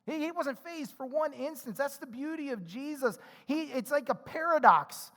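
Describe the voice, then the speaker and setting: A male pastor with a notably high voice delivers a casual, conversational sermon. He keeps acting out the characters' lines and asking "right?" as he goes. His voice rings with a long reverb from a large hall. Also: lively intonation, moderate pace, bright, forceful tone. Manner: conversational, acts out the characters' dialogue; frequent tag questions "right?".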